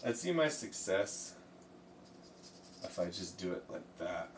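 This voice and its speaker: A man's voice: sits low, big pitch swings, takes it slowly, recorded from a distance. A man chatting casually on a live stream while he paints, rambling, joking and talking both to his chat and to himself. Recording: voice from off the mic, faint room noise.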